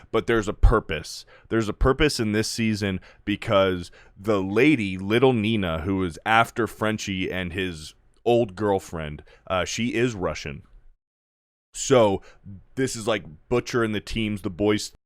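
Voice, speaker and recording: A man's voice: fairly low pitch, no room sound, clean studio sound. A man giving a casual, profanity-heavy spoken review and loosely recapping a plot as the channel's host. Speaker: video reviewer.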